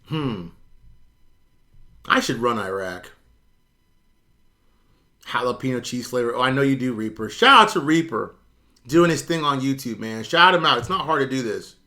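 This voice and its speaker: A man's voice: mid-range voice, a little slow, pauses often, sharp tone. A middle-aged man, ranting bluntly and with profanity on his own live stream while answering viewers. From United States. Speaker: YouTube currency commentator. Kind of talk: casual livestream rant.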